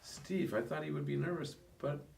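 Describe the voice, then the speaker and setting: A man's voice: a little high, fairly even intonation, normal speed, gravelly, darkish tone. A man co-hosting a casual real estate podcast, explaining at length in a conversational way. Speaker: real estate agent co-host. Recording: echoey room, mic far off.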